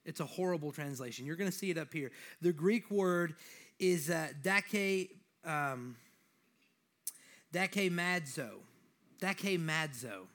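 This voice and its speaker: A man's voice: fairly high pitch, expressive, takes it slowly, a bit bright. A young man preaching a sermon with a slight lisp, joking and conversational at times, then building to emphatic exhortation.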